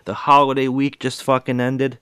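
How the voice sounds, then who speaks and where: A man's voice: mid-range voice, completely flat delivery, normal speed, pushed and bright, clean tone. A man in his forties from New England rants heatedly, swearing and circling back over his points. His voice sits in an ordinary middle register. The sound is dry and close, with no room echo. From New England, USA. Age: 40s. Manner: heated, profane, rambling and repetitive. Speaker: vlogger. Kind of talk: profane ranting monologue.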